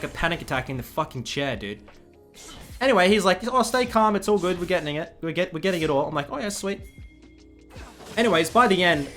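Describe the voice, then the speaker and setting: Swearing young streamer guy. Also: fairly high pitch. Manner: swears a lot, animated retelling. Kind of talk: casual storytelling on stream.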